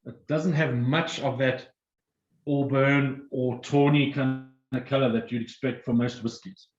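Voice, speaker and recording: A man's voice: medium pitch, fairly even intonation, measured pace, echoey room, highs cut off. A man presenting a whiskey tasting and explaining each drink step by step. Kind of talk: guided tasting talk.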